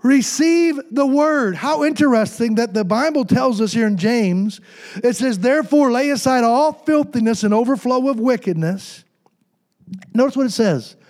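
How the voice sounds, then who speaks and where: A man's voice: extremely high pitch, animated, moderate pace, a little mellow. A man preaching a sermon, reading scripture and tossing call-and-response asides to the congregation, with the occasional joke. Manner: jokes with congregation. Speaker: pastor.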